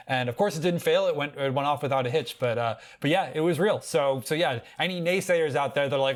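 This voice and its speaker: An American man co-hosting a casual tech podcast, telling stories in an animated way and often restarting his sentences. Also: fairly high pitch, brisk, few pauses. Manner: animated storytelling with frequent restarts. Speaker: podcast co-host.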